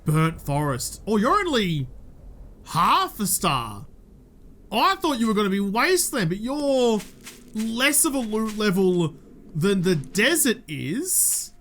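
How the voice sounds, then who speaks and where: A man's voice: high voice, very animated, slow, fairly bright tone. A young Australian man giving chatty let's-play commentary, talking to the game's characters and jumping between topics. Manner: chatty, jumpy, talks to game characters. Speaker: gaming YouTuber.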